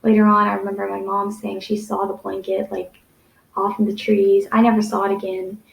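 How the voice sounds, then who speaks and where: A woman's voice: mid-range voice, completely flat delivery, brisk, creaky. A young adult woman telling a personal story to camera, rambling with many fillers and restarts. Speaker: vlogger. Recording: echoey room.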